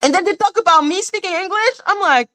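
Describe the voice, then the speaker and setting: A woman's voice: very high-pitched, fast talker, a bit bright. A woman with a French accent, a native French speaker, ranting and mocking with profanity as a livestream host.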